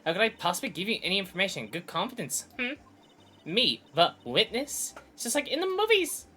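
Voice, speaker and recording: A man's voice: sits high, big pitch swings, a little fast, bright, forceful tone, slight background noise, voice pushed up, exaggerated voice. A man voicing a haughty, suspicious young female witness who questions everything indignantly.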